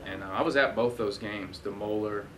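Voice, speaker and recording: A man's voice: fairly low pitch, normal speed, recorded from a distance, background noise. A young man hosting a sports talk show, chatting casually with lots of fillers and self-corrections. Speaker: host. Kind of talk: casual studio chat.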